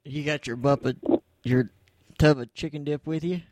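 A man's voice: fairly high pitch, fairly even intonation, moderate pace, a little mellow, no echo. A man hosting a casual internet radio show, laid-back and joking as he takes calls. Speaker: host.

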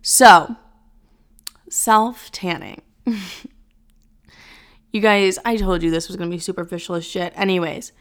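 A woman's voice: lowish voice, normal speed, pauses often. A woman hosting a solo podcast, talking casually in a blunt, swearing, rambling way. She is sick and running on caffeine. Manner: blunt, profane, rambling and animated. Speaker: podcast host.

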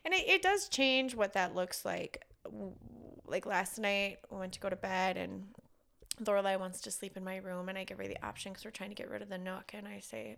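A woman in her thirties co-hosting a podcast, telling family stories in a chatty, animated way and acting out her kids' lines. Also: medium pitch, normal speed, creaky. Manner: animated storyteller, laughs often, acts out her kids' voices. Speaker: podcast co-host. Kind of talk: casual chat.

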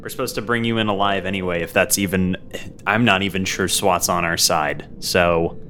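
A man with a fairly low voice playing a tabletop game. He talks casually, cracking jokes and rambling off into tangents. Faint music plays in the background. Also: steady tone, moderate pace, sharp tone. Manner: wisecracking, rambling. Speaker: player.

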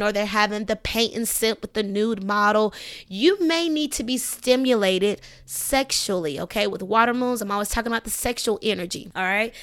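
A woman's voice: fairly high pitch, clean tone. A woman hosting an astrology podcast, talking in a casual, emphatic way, piling up rhetorical questions and checking in with "okay". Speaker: podcast host.

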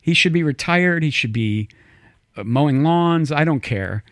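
A man co-hosting a casual political chat show, telling stories with animated asides and putting on voices when he quotes people. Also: on the high side, a little slow, no room sound, clean studio sound. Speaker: podcast co-host.

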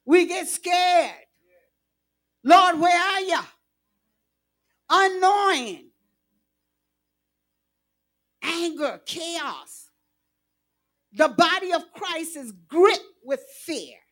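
High-voiced woman preaching slowly. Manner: preaching, rising to shouts. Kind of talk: sermon.

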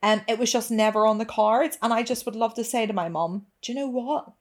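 A woman's voice: a little high, brisk. Woman co-host, frank and chatty, swears casually. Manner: candid, chatty, swears freely. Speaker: podcast co-host. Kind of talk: frank casual podcast chat.

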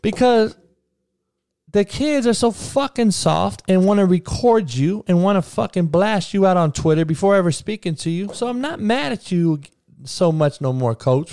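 A man's voice: fairly high pitch, vocal fry, dark tone, no room sound, studio quality. A man who is a coach and podcaster, delivering a heated monologue rant in a blunt, profane, preachy way.

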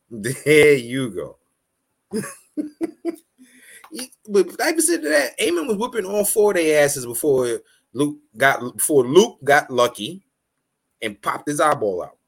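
A man chatting casually as a podcast host, animated and profane, laughing often and acting out quotes. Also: a little high, slow pace, gravelly, pauses often, husky. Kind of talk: casual recap chat.

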